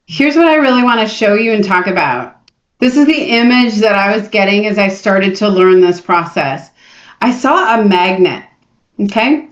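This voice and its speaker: A woman coach leads a live motivational workshop, coaxing her audience to join in with plenty of energy. Her voice sits a little high. The sound carries the echo of the room and a dull, lo-fi quality.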